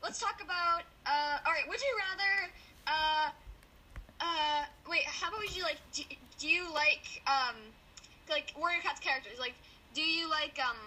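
A woman's voice: high-pitched, moderate pace, pushed and bright, poor audio. A woman hosting a casual group podcast chat over a video call, giggly and rambling with lots of restarts. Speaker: podcast host.

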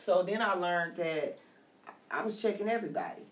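A middle-aged woman telling her story in casual conversation, blunt and streetwise, animated as she talks. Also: lowish voice, moderate pace. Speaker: guest sharing her story. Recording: echoey room, somewhat far from mic.

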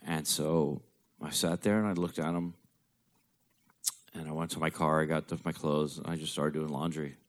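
Deep-voiced man telling a blunt story. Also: steady tone, normal speed. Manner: blunt, profane, darkly joking. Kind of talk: personal storytelling.

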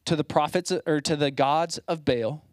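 A man's voice: on the high side, moderate pace, dry recording. Conversational young male pastor preaching. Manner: casual, conversational preaching with paraphrase asides. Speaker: site pastor. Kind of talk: sermon.

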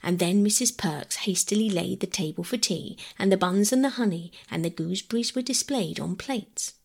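A woman reading a classic children's novel aloud as a calm bedtime story, gentle and measured. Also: mid-range voice, vocal fry, breathy edge. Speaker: audiobook reader.

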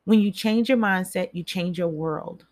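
A woman with a somewhat low voice delivers a casual motivational talk. She is chatty and addresses her listeners directly. She repeats key phrases to drive them home. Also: normal speed. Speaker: motivational speaker.

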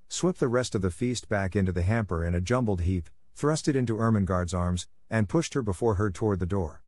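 A man narrating a classic novel as an audiobook in a steady, even telling. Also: on the low side, fairly quick, few pauses, dry recording, studio quality.

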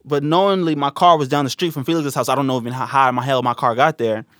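A man's voice: mid-range voice, steady tone, fast talker, fairly bright tone, no room sound, studio quality. A man in his twenties telling crude stories in casual banter, brash and profane. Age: 20s.

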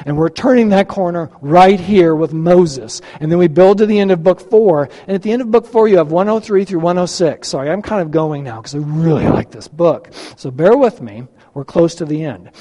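A male pastor delivers an eager teaching sermon, often tossing questions out to his listeners. His voice sits high for a man. The sound carries a long, lingering hall reverb. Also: dark tone. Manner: enthusiastic, asks the audience questions.

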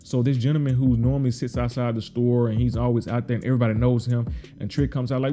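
A man's voice: mid-range voice, fairly even intonation, fast, mellow. A man recapping a TV episode in casual, rambling talk, repeating words and acting out characters' lines. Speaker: podcast host recapping a TV episode.

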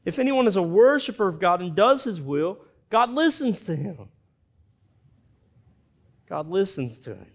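A man with a fairly high voice preaches a sermon. He reads the scripture aloud and acts out each character's lines in an animated way, pausing to comment. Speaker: pastor.

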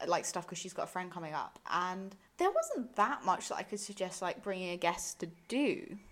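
A young woman from Essex, co-hosting a casual podcast chat, playful and quick to ask questions. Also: lowish voice, very animated, fairly bright tone. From Essex, England. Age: young adult. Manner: playful, asks questions, laughs easily. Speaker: podcast co-host, university student.

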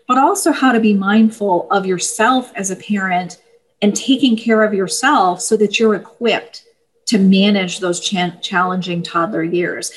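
A woman, an author of parenting books, explaining her books and advice in a steady, easygoing interview manner with small fillers. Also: medium pitch, rough recording. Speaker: parenting book author, guest. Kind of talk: casual interview talk.

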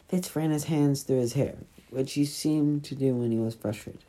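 A very low, husky woman reading a novel. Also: normal speed, few pauses, dark tone, low-quality recording. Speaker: audiobook reader. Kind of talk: reading a novel chapter aloud.

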